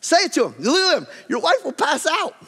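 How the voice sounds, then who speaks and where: High-voiced animated preacher in a reverberant hall. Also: male voice, a little fast. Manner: animated, acts out quarrels with rising voice. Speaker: pastor. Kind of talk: sermon.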